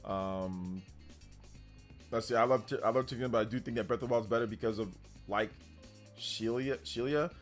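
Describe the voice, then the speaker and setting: A man's voice: on the low side, fairly even intonation, a little fast, pauses often, faint music behind. A man hosting a casual live stream, hyped up, reading out and thanking donors as he chats. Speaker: livestream host.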